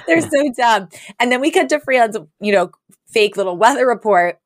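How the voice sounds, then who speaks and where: A woman's voice: a little high, expressive, normal speed, no room sound, clean studio sound. A woman co-hosting a podcast, recapping a sitcom episode in casual, giggly chat full of fillers. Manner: giggly, chatty, lots of fillers.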